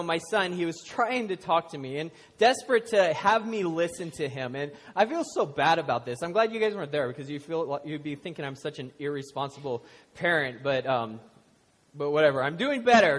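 A man's voice: on the high side, lively intonation, a little fast. A man in his thirties preaching a casual sermon to a congregation, telling stories with self-deprecating jokes. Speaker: pastor. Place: church hall before a congregation. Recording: long hall reverb.

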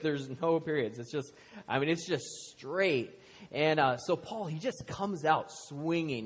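A man in his thirties preaching a casual sermon to a congregation, telling stories with self-deprecating jokes. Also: on the high side. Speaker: pastor. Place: church hall before a congregation. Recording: long hall reverb.

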